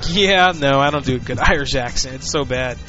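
A man's voice: mid-range voice, brisk, music in the background. A man hosting a prank-call podcast who chats loosely and crudely, with plenty of fillers. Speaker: podcast host. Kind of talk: casual prank-call show banter. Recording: lo-fi podcast audio.

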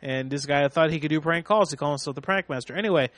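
A man's voice: a little high, fast, a bit bright, dry recording. A man hosting a casual talk show, rambling with many restarts and laughs. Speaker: podcast host. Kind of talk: casual radio chat.

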